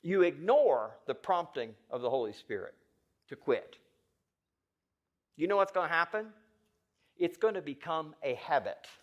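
A male pastor delivering a sermon, swinging from low, quiet lines to loud, pressing ones and putting questions straight to the congregation. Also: expressive, measured pace, pauses often, highs cut off.

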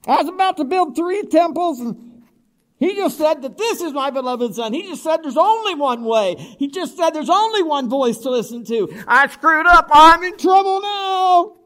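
A man playing a panicked, impetuous male disciple, shouting frantically. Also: very high voice, animated, a little slow, pitched above the performer's own voice.

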